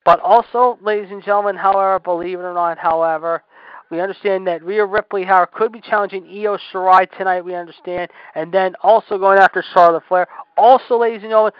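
High fast-talking wrestling announcer man. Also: clean tone, dry recording, muffled recording. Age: 40s. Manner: excitable announcer patter, filler phrases like 'ladies and gentlemen'. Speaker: play-by-play commentator. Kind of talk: mock wrestling commentary.

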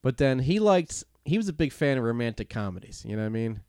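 Podcast co-host, man, middle pitch, dry close sound, profane animated ranter. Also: fast talker, clear, resonant tone, dry recording. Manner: profane, animated ranting with laughs. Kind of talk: casual podcast banter.

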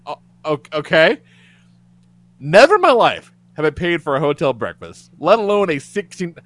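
A man tells a story on a casual podcast, cursing freely and often laughing. His voice sits fairly high and swings widely in pitch. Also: fairly quick, no room sound. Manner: animated, profane, laughs through the story. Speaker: podcast co-host.

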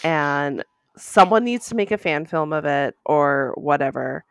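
Podcast co-host, woman, lower voice, eager and effusive, dry studio mic. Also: expressive, measured pace, clean tone, no room sound. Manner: enthusiastic, gushing fan. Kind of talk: casual chat.

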